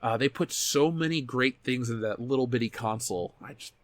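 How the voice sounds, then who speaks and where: A man in his thirties hosts a casual chat show, reading viewer comments aloud in an animated, often sweary way and correcting himself mid-sentence. His mid-range voice moves a little fast, with no room sound.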